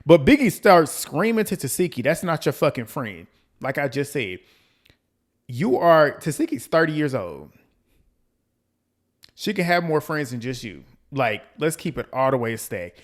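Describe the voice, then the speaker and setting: A man hosting a reality TV recap, ranting in a blunt, profane, animated way and repeating lines for emphasis. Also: fairly high pitch, normal speed. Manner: quotes people in mimicking voices. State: out of breath. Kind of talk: casual commentary recap.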